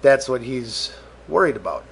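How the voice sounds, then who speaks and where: A man's voice: medium pitch, lively intonation, moderate pace, gravelly, slight background noise. A man hosting a podcast, ranting profanely and exasperated, acting out both sides of imagined conversations. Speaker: podcast host. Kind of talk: solo rant podcast.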